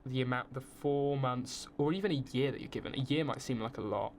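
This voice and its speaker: A man's voice: medium pitch, a little fast, slight background noise. Chatty young English man. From England. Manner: chatty, animated storytelling with frequent fillers. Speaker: student guest. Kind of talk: casual podcast chat.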